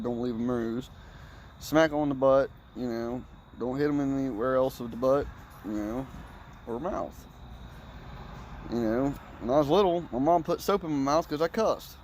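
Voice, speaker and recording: This man's voice sits at a medium pitch, and the low-quality audio carries slight background noise. He's a storyteller casually recounting rambling family tales, full of swearing and lively impressions of other people.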